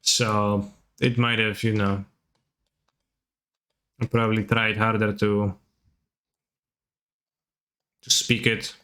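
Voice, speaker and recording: On a live stream, a man with a Russian accent casually commentates his card game, answering chat and swearing offhandedly. His voice is on the low side with a sharp tone.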